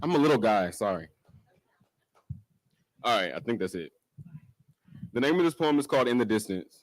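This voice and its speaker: Nervous male first-timer, spoken-word open mic, lively rhythmic reading, dry sound. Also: medium pitch, moderate pace, no room sound, poor audio. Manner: nervous, self-joking first-timer, rhythmic swells in delivery. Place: live open mic venue. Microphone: stage microphone.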